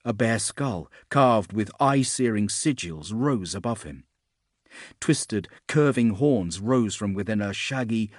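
Man, deep voice, audiobook narrator, measured fantasy storytelling, dry close mic. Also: no echo.

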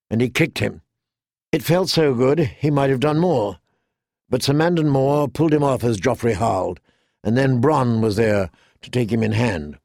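Gravelly man narrating an audiobook. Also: mid-range voice, animated, normal speed, darkish tone, no room sound, clean studio sound. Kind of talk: scripted fantasy narration.

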